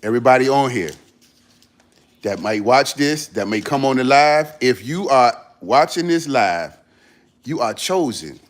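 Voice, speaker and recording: A man's voice: mid-range voice, lively intonation, measured pace. A man talks straight to his livestream viewers in a casual, slangy motivational style. His mid-range voice swings widely up and down as he presses each point, and he repeats lines for emphasis. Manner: earnest, emphatic, repeats phrases for stress. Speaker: livestream host.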